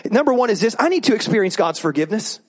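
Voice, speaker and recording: A male pastor giving a sermon in an animated, joking way, prompting the congregation to repeat words back. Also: high-pitched, fast.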